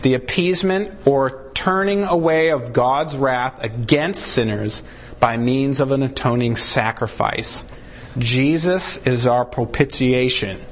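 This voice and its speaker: A man preaching a sermon, acting out short exchanges and punching key words for emphasis. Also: takes it slowly. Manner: animated preaching, swings pitch widely for emphasis; acts out short dialogues between God and a sinner. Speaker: pastor.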